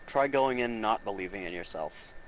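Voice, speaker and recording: A man's voice: on the low side, expressive, moderate pace, poor audio. A man giving dry, teasing advice to a friend playing a game on stream. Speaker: co-commentator friend. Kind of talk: casual gaming stream banter. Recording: loud noise behind voice.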